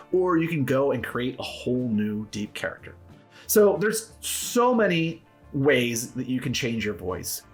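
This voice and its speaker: A man hosting a tabletop roleplaying tips video, talking to camera in an upbeat, encouraging, conversational way. His voice sits at an ordinary middle pitch. Quiet music plays behind him. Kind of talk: casual instructional talk to camera.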